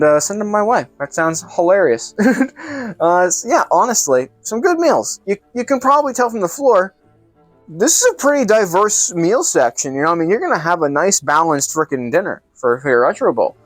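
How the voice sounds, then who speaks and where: A man's voice: high-pitched, very animated, normal speed, no room sound, soft background music. A man hosting a comedic cooking vlog, narrating in a playful, mock-grand showman way. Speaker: cooking show host.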